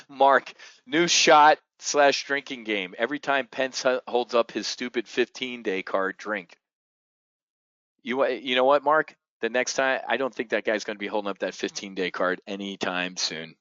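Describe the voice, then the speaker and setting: A man hosting a live trading show, talking bluntly and profanely in a loud-and-quiet rant to his viewers. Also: medium pitch, moderate pace, no echo. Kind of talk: live-streamed market commentary. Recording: dull lo-fi stream audio.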